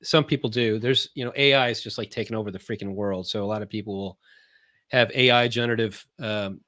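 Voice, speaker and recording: A man speaking as a podcast guest about his marketing business, talking casually, often pausing on fillers and restarting sentences. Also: fairly low pitch, steady tone, a bit bright, no echo, clean studio sound. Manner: halting, many fillers and restarts; explains in plain, loose terms.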